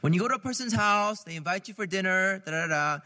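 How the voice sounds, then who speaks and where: A man's voice: high-pitched, animated, quick pace, bright, forceful tone, big-room sound. A man, a priest, giving a conversational sermon, asking the listeners questions and laughing lightly at his own jokes.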